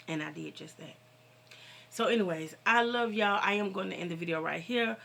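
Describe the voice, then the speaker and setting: A woman's voice: mid-range voice, normal speed, vocal fry, a bit bright, a little hiss or hum. A middle-aged woman vlogger having a casual, heartfelt vent to her viewers, fervent and preachy, talking straight at them.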